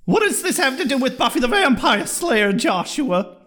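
A shrill, nagging older mother , put on by a man, pitched way up high and swooping all over. She stretches out her son's name in long, scolding calls. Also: very animated, normal speed, a bit bright.

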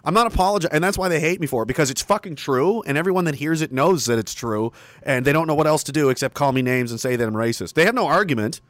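A man's voice: fairly high pitch, lively intonation, fast talker, no room sound. A middle-aged Canadian man delivering a combative, profane, mocking monologue. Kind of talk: ranting monologue.

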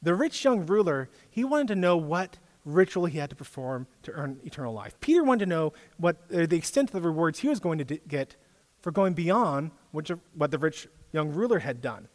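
A slightly high male voice trails a long reverb tail. As a youth pastor, he gives a chatty, casual sermon, keeping things conversational and quizzing the audience with questions.

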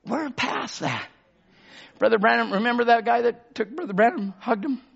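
A pastor preaching a sermon. He drops to a murmur, then shouts for emphasis and calls out to the congregation for amens. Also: moderate pace, vocal fry, husky, lo-fi sound. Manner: swings between low murmurs and loud shouted emphasis.

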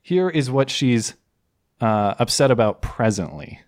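A man hosts a podcast in loose, casual talk. He rambles and restarts his sentences, with a dry, mocking sarcasm running through it. His voice sits at a mid pitch. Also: animated, unhurried. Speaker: podcast host. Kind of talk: casual political chat.

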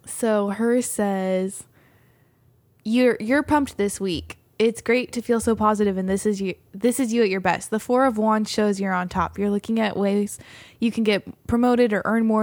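A woman on a podcast, chatting casually and giggling as she tells stories and reads things out. Her voice sits at an ordinary pitch. It is recorded dry and close, with no room sound. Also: fairly even intonation, moderate pace, a little mellow, no echo. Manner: giggly storyteller, reads aloud and mimics friends. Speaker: podcast co-host. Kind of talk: casual chat.

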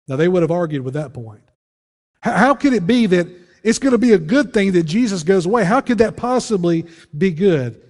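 A man preaching as pastor, earnest, often dropping low and quiet to press a point. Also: lively intonation, brisk, long reverb tail. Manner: earnest preaching, voice drops low and soft on key phrases. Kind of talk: sermon.

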